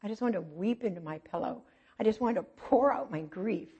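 A middle-aged woman preaching, telling a personal testimony in an earnest storytelling way, swinging between soft and emphatic. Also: mid-range voice, lively intonation, brisk, husky, dull audio.

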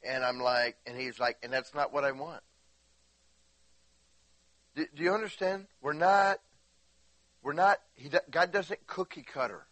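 A man's voice: a little high, unhurried, pauses often, fairly bright tone, dry recording. A man preaching a casual, rambling sermon to a church, often asking the congregation questions. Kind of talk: conversational sermon. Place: church sanctuary.

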